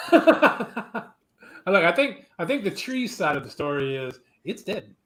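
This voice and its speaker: Slightly high man with wry remarks. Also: big pitch swings, slow pace, fairly bright tone. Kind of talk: casual podcast chat.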